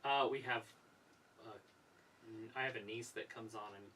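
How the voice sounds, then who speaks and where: A man's voice: mid-range voice, fairly even intonation, normal speed, pushed and bright, breathy edge. A man co-hosting a casual live stream, chatting and riffing on what he is watching. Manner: chatty, riffs on the on-screen action. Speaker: co-host of a wrestling watch-along stream. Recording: distant voice with faint room ambience.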